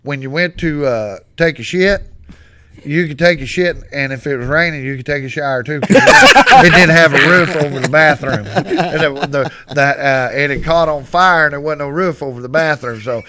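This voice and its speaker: A man's voice: fairly high pitch, big pitch swings, moderate pace, pushed and bright. A man from west Texas with a West Texas accent, telling bawdy, rambling stories on a podcast and laughing often. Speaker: podcast guest. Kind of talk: casual storytelling.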